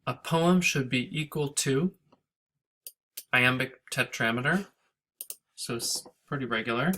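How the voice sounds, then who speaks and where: A man with a bright, forceful voice gives a recorded lesson on scanning a poem. He thinks out loud, restarts his sentences, and reads lines of verse in a lilting sing-song rhythm. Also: mid-range voice, measured pace, a little hiss or hum. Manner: thinking aloud, hesitant restarts. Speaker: teacher. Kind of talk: recorded lecture on poetry scansion.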